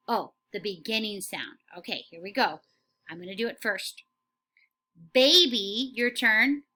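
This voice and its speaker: A woman leads young children through a phonics lesson, saying each word slowly and clearly before praising them. Her voice sits a little high and sounds bright and crisp. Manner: slow, clearly enunciated, encouraging praise. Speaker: kindergarten teacher.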